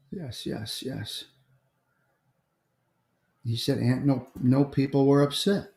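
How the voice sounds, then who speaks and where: A middle-aged man talks through a casual morning live stream, reading out comments and greeting viewers one by one. His voice is mellow and dark, and his talk wanders loosely from one topic to the next. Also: mid-range voice, very slow, gravelly, roomy sound. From United States. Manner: chatty, greets viewers by name, drifts between topics. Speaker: livestream host.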